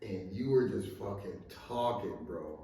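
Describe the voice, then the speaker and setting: A man's voice: lowish voice, lively intonation, measured pace, warm tone. A young man co-hosting a podcast, talking in a laid-back, slangy, profane way. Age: young adult. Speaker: podcast co-host. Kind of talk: casual chat. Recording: roomy, distant mic.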